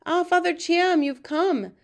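A woman's voice: mid-range voice, animated, a little fast, close to an everyday voice. Courteous, formal school headmistress, middle-aged, read by a woman narrator. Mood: polite.

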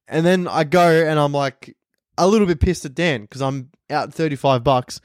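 A young Australian man in his twenties talks straight into a close microphone with very little room sound. His pitch sits in the middle range. He rambles through a casual solo podcast, swearing freely and acting out what other people said. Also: fairly even intonation, moderate pace, no echo. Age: 20s. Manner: profane, rambling storyteller who acts out others' lines. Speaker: podcast host, comedian.

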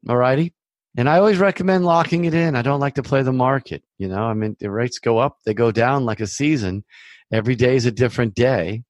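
A man's voice: mid-range voice, a little fast, no room sound, muffled recording. A man talks through his advice in a loose, chatty podcast monologue. He reassures listeners and circles back over his points. His mid-range voice sits close and dry, with no room around it. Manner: chatty, reassuring, repeats himself, conversational asides. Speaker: mortgage loan officer hosting a podcast. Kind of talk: casual advisory monologue.

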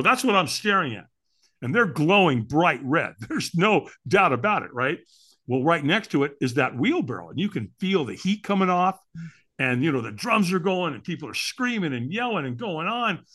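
A man being interviewed on a podcast, telling a personal story with emphatic, animated delivery and frequent rhetorical questions. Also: fairly high pitch, normal speed. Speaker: podcast guest.

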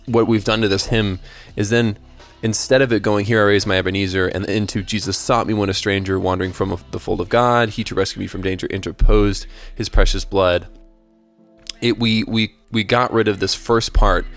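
Earnest, low-voiced man explaining. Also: a bit bright. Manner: thoughtful and earnest, with frequent restarts and tag questions. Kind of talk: casual explanation of hymn lyrics and faith.

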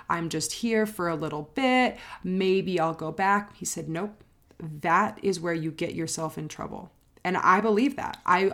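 A woman life coach talking straight to camera in a personal vlog, earnest and reflective, repeating phrases for emphasis and sounding close to tears. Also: lowish voice. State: emotional, near tears.

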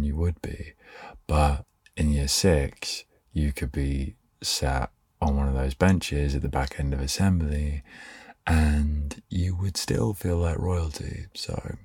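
A young man hosting a sleepy podcast, rambling softly and trailing off. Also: rumbling low, slightly rough, no room sound, clean studio sound. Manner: meandering, soft-spoken, trails off. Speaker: podcast host.

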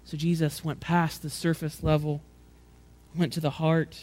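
A man preaching a sermon in a conversational way, often repeating words as he restarts, and acting out quotes in a louder, higher voice. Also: flat delivery, measured pace. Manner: conversational preaching, acts out quotes with rising pitch and volume. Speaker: pastor.

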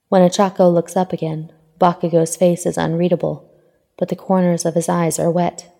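This fan fiction narration comes from a woman with a low, mellow, gravelly voice full of fry. She reads steadily and evenly at normal speed. A long reverb trails after each line.

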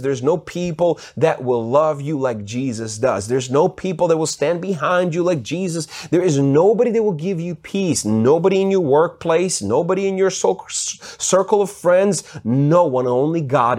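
A man preaching a sermon, reading scripture aloud and explaining it, rising in pitch as he gets stirred. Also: a little mellow.

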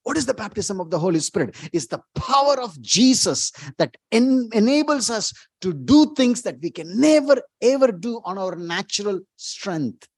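A man preaching a sermon as pastor, emphatic, repeating words and rising to loud exclamations. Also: high voice, very animated, normal speed, hardly any pauses, no room sound.

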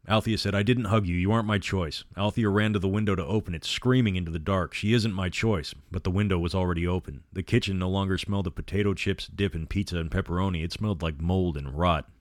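A man's voice: sits low, no echo, clean studio sound. A man narrating a horror novel aloud, reading every character in his own voice. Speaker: storyteller.

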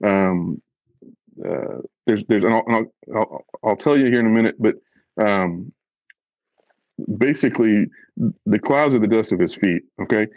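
A man's voice: on the low side, measured pace, pauses often, a little mellow, no room sound, muffled recording. A man, a professional fisherman, talking candidly as a podcast guest, blunt and earnest, a self-described fiery man who gets right to the point.

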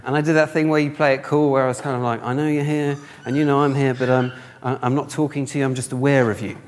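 A man's voice: medium pitch, flat delivery, fast talker, a little hiss or hum. A young man from the north of England telling a humorous, self-mocking story in a sermon, acting out the dialogue. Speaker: speaker. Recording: long hall reverb.

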